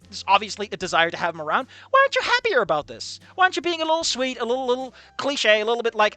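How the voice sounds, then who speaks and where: A streamer reacts to a visual novel in a sarcastic, disbelieving way and swears often. The voice is bright and sharp, and the pitch rises and falls a lot. Soft game music plays underneath. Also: sing-song, fast. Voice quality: sarcastic, incredulous, swears freely. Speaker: let's play streamer.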